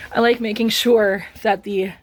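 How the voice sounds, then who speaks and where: A young adult woman vlogging casually, talking to herself about her errands in a frazzled way. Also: medium pitch. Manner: frazzled, talks to herself, vents. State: frustrated. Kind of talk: casual vlog chat.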